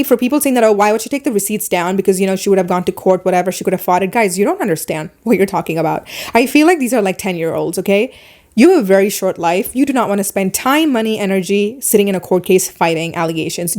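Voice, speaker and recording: A young woman holds forth on her own podcast, talking fast and bluntly. Her tone is exasperated and opinionated, with frequent fillers, and her pitch sits in an ordinary middle range. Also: darkish tone. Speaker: podcast host.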